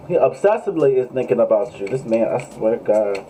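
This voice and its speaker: A man's voice: medium pitch, lively intonation, a little fast, mellow, a little hiss or hum, rough recording. A man giving a casual, joking live tarot reading, swearing freely and talking straight to his viewers. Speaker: tarot reader.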